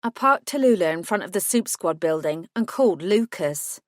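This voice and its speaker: A woman's voice: on the low side, animated, normal speed, no room sound, clean studio sound. A woman reading a first-person audiobook in a scripted narration style, voicing each character with small shifts.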